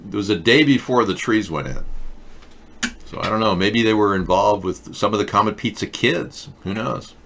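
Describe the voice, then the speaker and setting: A man's voice: lowish voice, normal speed, fairly bright tone, slight background noise. A man hosting a live political chat show, talking in a sarcastic, mocking way. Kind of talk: casual satirical chat with live chat.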